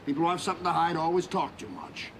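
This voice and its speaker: A gruff, wisecracking retired cop dad. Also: male voice, a little high, sing-song, quick pace. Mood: wry. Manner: blunt, sarcastic, bossy. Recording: noisy television audio.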